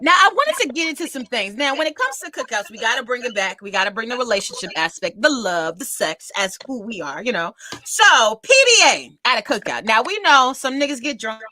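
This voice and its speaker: A woman's voice: on the high side, a little fast. A woman co-hosting a casual chat show, telling family stories and acting out her relatives' voices. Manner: animated storyteller, acts out relatives' voices. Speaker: co-host.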